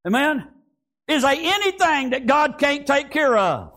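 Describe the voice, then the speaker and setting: A man's voice: very high voice, very animated, unhurried, bright, forceful tone. A man preaching a fervent sermon, breaking often into "praise God" and asking the congregation "Amen?". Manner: fervent, repeats praise phrases and call-and-response "Amen?".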